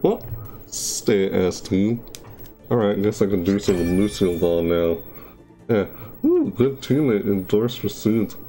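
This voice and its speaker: A man giving casual gameplay commentary, excitable, laughing often and yelping high when thrilled. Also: slow pace, soft background music. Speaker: gaming video creator.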